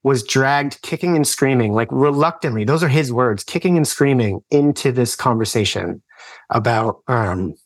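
A man in his thirties recounting a turning point in his life as a podcast guest. He talks earnestly and rambles, stopping and restarting his sentences with lots of fillers. His voice sits at an ordinary pitch and is recorded close and dry, with no room echo. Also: moderate pace. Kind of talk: personal storytelling in casual chat.

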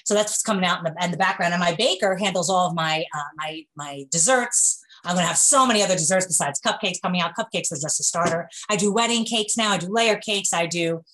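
A woman's voice: fairly low pitch, quick pace, few pauses, rough recording. A woman with a New York accent, a business owner joking and laughing through a video call interview with lots of fillers and restarts. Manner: joking, animated, laughs often, many fillers.

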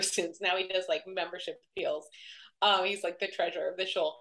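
A woman's voice: fairly low pitch, fairly even intonation, normal speed, fairly bright tone, rough recording. A woman in her thirties, a guest telling stories in a casual interview, talking in a chatty way with many fillers and acting out the voices of people she quotes. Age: 30s. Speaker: guest, wedding website publisher.

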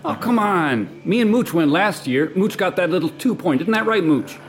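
An actor playing a bartender who makes crude jokes and calms his regulars in a stage play. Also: sits high, moderate pace, slight background noise. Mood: coaxing. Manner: crude, joshing. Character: crude joking bartender George.

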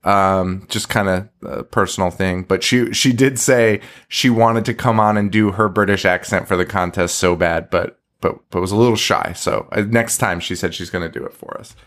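A man's voice: deep voice, fairly even intonation, moderate pace, hardly any pauses, fairly bright tone. Man, podcast co-host, casual chat, swears a lot, laughs often.

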